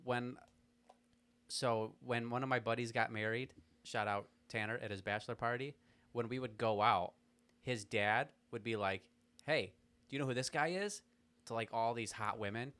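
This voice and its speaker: A man's voice: medium pitch, little pitch movement, normal speed, a bit bright, clear, resonant tone. Playful teasing young man. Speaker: podcast co-host. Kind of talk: casual podcast banter.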